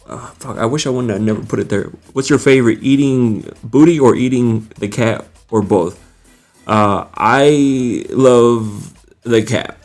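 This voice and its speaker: A man's voice: mid-range voice, unhurried, darkish tone, faint music behind. A young man hosting a live stream, casually greeting viewers by name and reading their comments aloud with frequent laughs.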